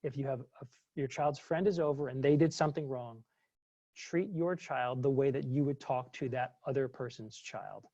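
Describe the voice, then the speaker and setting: A man's voice: medium pitch, normal speed, mellow, no echo, highs cut off. A man, a former psychologist, presenting a webinar and answering questions in a chatty way, full of fillers and restarts.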